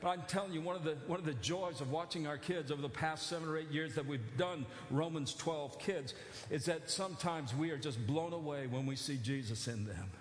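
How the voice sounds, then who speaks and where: A man preaching a sermon as pastor, animated, building to near-shouted emphasis with joking asides. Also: fairly high pitch, fairly quick. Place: church sanctuary. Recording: echoey church hall.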